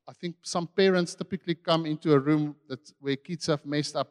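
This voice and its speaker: A man preaching a sermon with passion, swinging between loud and hushed. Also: on the high side, steady tone, a little fast, big-room sound.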